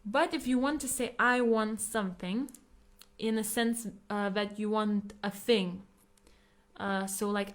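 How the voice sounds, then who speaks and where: Patient woman language teacher, mid pitch, repeats examples slowly. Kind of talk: explaining grammar with examples.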